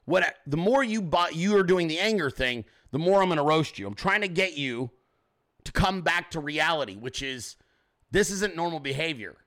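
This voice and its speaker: A man's voice: a little high, a bit bright. A man hosting a livestream, ranting profanely and combatively at commenters in his chat. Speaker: show host.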